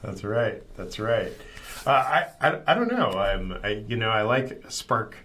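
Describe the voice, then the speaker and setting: A man as a podcast guest, talking casually and a bit haltingly, with friendly fillers. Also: fairly low pitch, big pitch swings, sharp tone, slight background noise. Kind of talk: casual chat.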